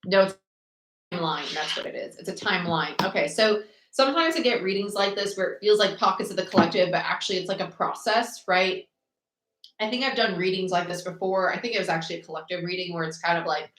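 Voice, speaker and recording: A young woman from New Jersey speaks fast at medium pitch with a fairly bright tone, recorded in an echoey room. As the channel's host and tarot reader, she runs a live-streamed reading and casual chat, chatty, blunt, sarcastic and swearing freely.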